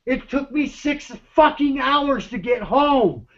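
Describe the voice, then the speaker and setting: A man rants urgently over an online voice chat, swearing constantly and stumbling over his words as he repeats himself. His voice sits very high for a man. The audio is dull and lo-fi. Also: expressive, slow pace, a bit bright. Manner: profane, urgent, repetitive, stammering. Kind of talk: agitated rant.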